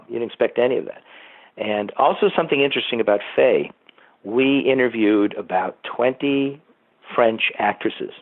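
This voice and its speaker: A man's voice: medium pitch, no room sound. An older man from Southern California, a producer being interviewed, telling rambling stories and acting out what people said. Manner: rambling storyteller who acts out quotes. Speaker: producer and writer, interview guest. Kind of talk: casual anecdotal interview. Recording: tinny phone line, dry.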